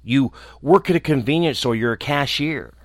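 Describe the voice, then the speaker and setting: A man who hosts a show, talking alone in a small room in a reflective, earnest way, often restarting and trailing off softly. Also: medium pitch, no room sound, clean studio sound. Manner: earnest, halting, with restarts and soft trailing endings. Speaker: radio host. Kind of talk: reflective casual monologue.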